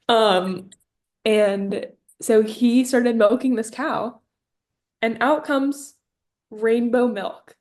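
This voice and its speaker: A woman's voice: on the high side, fairly even intonation, slow pace, a little mellow. A young woman co-hosting a casual podcast, spinning absurd stories with playful mock seriousness. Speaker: podcast co-host. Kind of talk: casual comedic chat.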